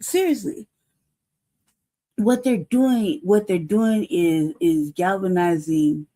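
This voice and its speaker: A woman hosts a news livestream, talking bluntly and cursing freely. She fires off rhetorical questions and repeats her points. Her voice sits low and sounds warm and dark. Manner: blunt, profane and heated. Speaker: news show host. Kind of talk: casual livestream commentary.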